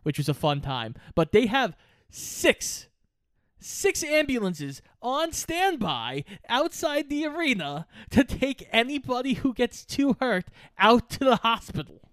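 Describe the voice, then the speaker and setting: Male co-host, casual podcast chat, animated storyteller, acts out quotes, sweary, smooth clear voice, dry close sound. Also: extremely high pitch, unhurried, dry recording.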